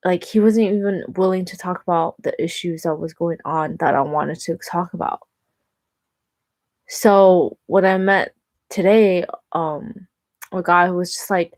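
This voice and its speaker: A young woman talks straight to the camera in a casual vlog, chatty and lively, with many fillers. Her voice sits a little low for a woman. The sound is dry and close, with no room echo. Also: a little slow. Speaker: vlogger.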